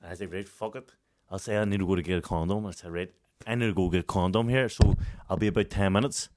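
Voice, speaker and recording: With a deep voice and fast delivery, a Northern Irish man in his thirties recounts a story while co-hosting a podcast in casual chat. Swearing heavily and animated throughout, he often breaks into laughter.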